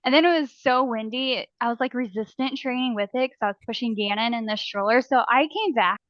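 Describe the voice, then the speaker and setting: A woman's voice: a little high, fairly quick, a bit bright, no room sound. A woman co-hosting a podcast in casual chat, chatty and relatable, often laughing. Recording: dry, slightly dull sound.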